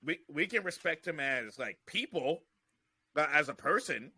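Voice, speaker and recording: Very bright-voiced man telling it animatedly. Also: on the high side, moderate pace, slight background noise. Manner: animated, rambling storytelling with restarts. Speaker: comedian, podcast guest. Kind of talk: casual chat.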